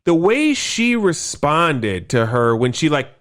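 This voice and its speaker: A man co-hosting a podcast in casual chat, animated and swearing freely as he acts out quotes. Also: a little high, slow. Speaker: podcast co-host.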